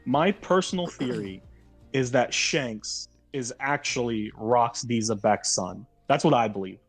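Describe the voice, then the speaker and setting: A man's voice: mid-range voice, unhurried, faint music behind. A man co-hosting a casual podcast chat, walking through a theory at length and reading quotes aloud. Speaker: podcast co-host.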